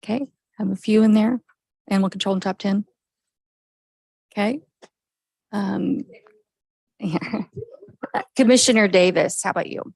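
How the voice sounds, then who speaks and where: Gravelly-voiced woman leading a meeting. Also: mid-range voice, darkish tone, no echo, low-quality recording. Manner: brisk, encouraging, with frequent okays. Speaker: meeting facilitator. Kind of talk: leading a group discussion. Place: government meeting room.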